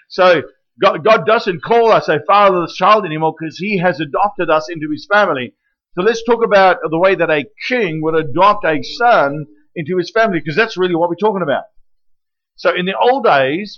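Casting: male preacher, high voice, animated teaching delivery that keeps checking in with the room, dull lo-fi recording. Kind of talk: sermon.

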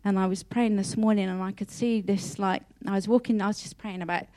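A woman's voice: medium pitch, fairly even intonation, a little fast, warm tone. A woman giving a heartfelt personal devotional talk, earnest and emotional, often repeating and restarting her words. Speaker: Christian speaker.

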